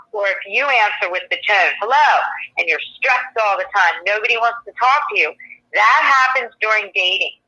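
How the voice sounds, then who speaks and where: A middle-aged woman relationship coach giving an animated, emphatic presentation from slides. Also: mid-range voice, low-quality recording. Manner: animated, emphatic, acts out quoted dialogue.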